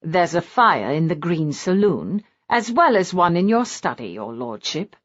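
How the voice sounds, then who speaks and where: A woman's voice: fairly low pitch, big pitch swings, unhurried, dry recording. A woman doing a sour, stiff housekeeper. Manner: stiff, unwelcoming. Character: sour, disapproving older housekeeper. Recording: dull lo-fi audiobook recording.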